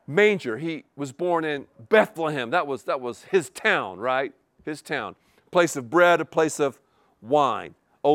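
A man's voice: a little high, fairly bright tone, no echo. A man preaching a sermon, repeating key words for emphasis and asking the congregation rhetorical questions. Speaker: pastor.

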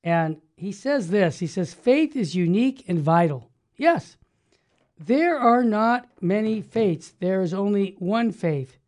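A man's voice: high-pitched, lively intonation, takes it slowly. Fervent man hosting religious radio. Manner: fervent, emphatic, builds to loud exclamations. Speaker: radio show host. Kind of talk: religious talk radio teaching.

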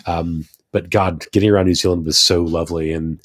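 A man's voice: low voice, fairly even intonation, a little fast. An American man in casual podcast chat, an enthusiastic and rambling storyteller. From United States.

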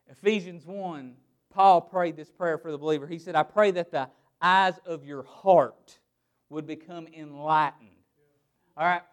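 A man's voice: a little high, measured pace, clean tone. A male pastor preaching a sermon to a small church congregation, reading scripture aloud and breaking into laughing asides.

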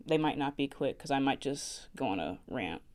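A woman's voice: rumbling low, lively intonation, moderate pace, a little mellow. A young woman from New Jersey hosting her own podcast, chatting and rambling in a casual solo monologue with frequent giggles. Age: young adult. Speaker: podcast host.

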